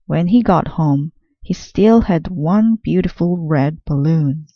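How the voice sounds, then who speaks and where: A woman reading a children's picture book aloud with slow, careful, clear storytelling. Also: low voice, dry recording, highs cut off.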